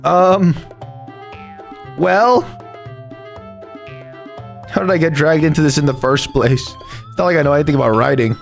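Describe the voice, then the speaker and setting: A man's voice: a little high, fast talker, vocal fry, faint music behind. A young man streaming a story game, playfully reading text aloud and chatting with his audience. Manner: playful, reads game text aloud, jumps between voices. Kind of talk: live gaming commentary and reading.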